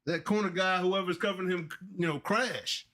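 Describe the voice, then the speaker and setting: Male sports co-host, emphatic and folksy, lively high voice. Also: moderate pace. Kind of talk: casual sports talk.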